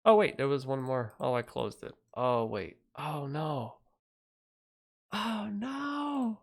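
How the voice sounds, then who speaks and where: A man's voice: medium pitch, unhurried. A man ranting on a livestream, heated and profane, talking in a rambling way. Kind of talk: angry livestream rant.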